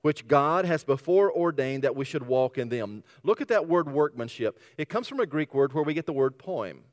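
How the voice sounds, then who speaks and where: A man preaching a sermon in a church sanctuary, his voice set a little high and ringing with a long hall reverb. He hammers on repeated words and throws rhetorical questions out to the congregation. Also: lively intonation, normal speed. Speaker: pastor.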